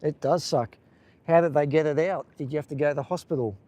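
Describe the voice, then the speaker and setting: A man's voice: a little high, quick pace, dark tone. A chatty Australian man streams live as he strolls along a beach, his voice sitting a touch above the usual male range. He rambles loosely and answers viewers as he walks, the sound picked up on a handheld phone outdoors. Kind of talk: casual live-stream walking commentary.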